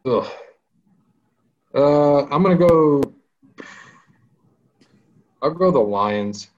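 A man hosting a casual sports trivia game on a podcast, running the rounds briskly and upbeat. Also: fairly high pitch, lively intonation, a little mellow, lo-fi sound. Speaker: trivia quiz host.

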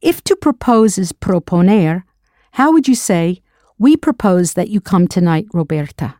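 A woman's voice: lowish voice, expressive, unhurried, warm tone, dry recording, studio quality. A woman narrating a scripted audio language lesson as the teacher. She patiently prompts drill questions and then confirms the answers.

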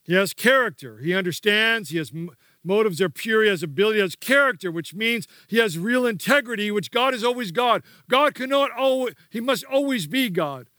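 A man's voice: sits high, expressive, fairly quick, pushed and bright, dry recording, studio quality. A man preaching a sermon as pastor, emphatic and repetitive, prompting the congregation to repeat key words.

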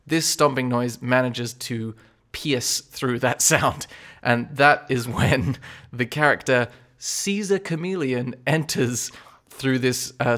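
A man narrating as game master in a relaxed way, laughing often between lines. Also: medium pitch. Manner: relaxed, chuckling narration with fillers.

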